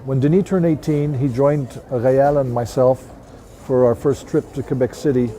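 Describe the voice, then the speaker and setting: A middle-aged man talking in a documentary interview, hesitant and pausing often on "uh". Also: mid-range voice, steady tone, mellow, slight background noise. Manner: hesitant, many "uh" fillers. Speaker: snow sculptor.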